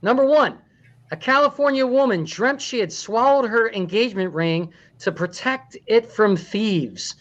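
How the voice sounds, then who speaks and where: A man's voice: sits high, animated, a little slow, a bit bright, lo-fi sound. A man hosting a comedy talk show, joking and laughing through his running commentary.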